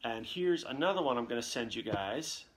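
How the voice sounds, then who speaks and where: On a casual live stream, a young voice actor fields a Q&A from his home setup, his condenser mic shielded by a reflection screen. His mid-range voice sounds animated and moves at a normal speed as he chats, cracks jokes, and reads out comments from viewers.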